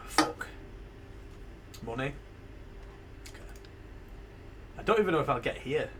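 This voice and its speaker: Cursing, animated male game streamer. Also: mid-range voice, measured pace, a little hiss or hum. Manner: swears freely, thinks aloud, laughs. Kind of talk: casual live-stream gameplay chat. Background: game music.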